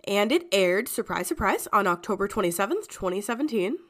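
A woman's voice: mid-range voice, a little fast. A woman co-hosting a podcast in casual chat. She sounds congested from a cold and laughs often as she talks. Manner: giggly, chatty, lively. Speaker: podcast co-host.

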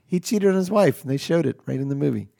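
A male comedy podcast host whose voice has a gravelly, creaky edge. He rambles through improvised banter, stalling often on fillers and restarts. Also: fairly high pitch, lively intonation, mellow. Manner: rambling, halting, full of fillers.

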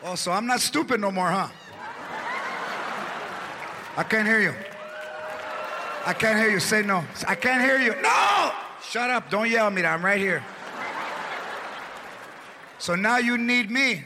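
A woman's voice: medium pitch, normal speed, long pauses, a crowd in the background, background noise, lightly acted. A man doing a sarcastic scolding old wife. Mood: taunting. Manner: sarcastic, taunting, yelling.

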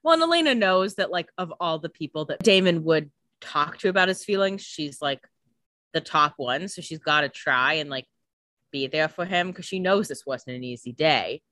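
A woman's voice: deep voice, lively intonation, normal speed, fairly bright tone, dry recording. A woman co-hosting a podcast, recapping a TV episode in casual, chatty talk full of "like" and the odd swear. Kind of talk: casual chat.

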